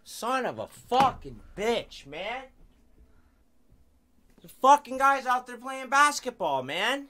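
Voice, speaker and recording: A man's voice: very high voice, sing-song, slow. Guy raging on stream, swearing nonstop, voice swinging all over. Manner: furious, cursing and shouting. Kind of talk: profane ranting on stream.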